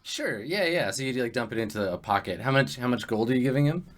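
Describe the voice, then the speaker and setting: A man's voice: mid-range voice, lively intonation, quick pace. A man narrating as game master of a tabletop game, rambling and laughing with many fillers.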